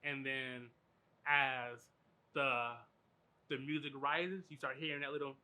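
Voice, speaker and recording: A man hosting a podcast, telling a story in animated, profane, filler-heavy casual chat. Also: medium pitch, measured pace. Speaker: podcast host.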